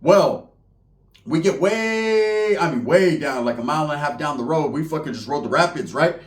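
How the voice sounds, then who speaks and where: A man's voice: fairly high pitch, expressive, moderate pace, echoey room. Profane streetwise man telling a story. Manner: profane, streetwise slang, acts out the people in his story. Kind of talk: casual comedic storytelling.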